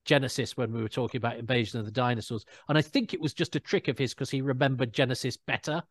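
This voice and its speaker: Male guest, chatty storyteller, mid pitch, dry close sound. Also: steady tone, fast, no room sound. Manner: anecdotal, imitates people in quotes. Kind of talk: casual chat.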